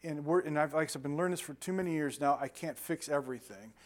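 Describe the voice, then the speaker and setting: An older man delivers a sermon in a somewhat raised pitch. He moves between scripture and loose personal anecdotes, often restarting his sentences and chuckling at himself. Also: fast talker. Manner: conversational storytelling with frequent restarts and laughter. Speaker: pastor.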